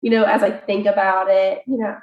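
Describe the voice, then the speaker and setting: A woman guest on a podcast, telling a personal story in a chatty, animated way with many fillers. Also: mid-range voice, fairly quick, lo-fi sound. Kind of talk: casual interview storytelling. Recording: echoey room.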